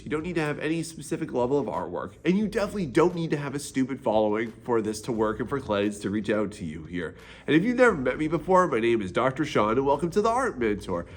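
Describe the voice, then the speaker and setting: A man teaching art sales as a mentor, talking casually and energetically straight to the viewer. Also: fairly high pitch. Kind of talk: direct-to-camera teaching video.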